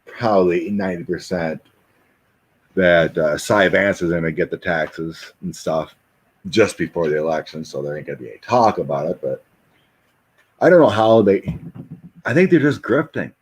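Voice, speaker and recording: Male host, deep and a little raspy, loose rambling chat delivery. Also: moderate pace, pauses often. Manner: rambling, animated, mocking impressions. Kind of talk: casual chat with tarot reading.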